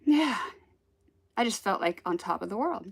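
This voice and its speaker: A woman telling a personal spiritual story in a casual, animated way, acting out the voices she quotes and laughing often. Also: medium pitch, normal speed, creaky, breathy edge.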